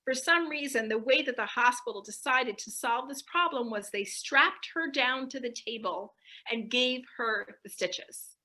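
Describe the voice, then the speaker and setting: A woman with a bright, ringing voice that sits a little high, speaking to a live audience. She tells stories in an animated way and acts out the dialogue, slipping into the voices of the people in them. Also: measured pace. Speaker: speaker giving a talk. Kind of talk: storytelling talk to an audience. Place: community center hall.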